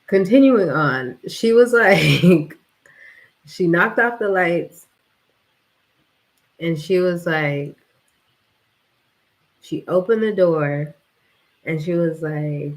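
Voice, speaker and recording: Casting: woman vlogger, low-ish voice, unhurried, slangy and laughing storyteller. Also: rough recording. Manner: animated, laughs often, slangy. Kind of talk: casual storytelling monologue.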